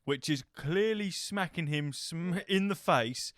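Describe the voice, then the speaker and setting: Man co-host, casual gamer chat, fairly high and animated, teasing and sweary, dry sound. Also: a little slow, no echo. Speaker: podcast co-host.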